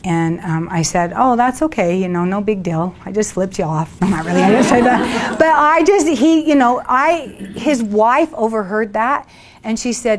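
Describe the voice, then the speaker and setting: A woman leading a workshop tells stories to a small group in a chatty, animated way. She acts out what she once said and laughs along with the room. Her voice sits in a middle range. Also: mid-range voice, moderate pace. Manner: chatty, animated, laughs while acting out her own past words. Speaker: workshop leader. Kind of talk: storytelling talk to a group.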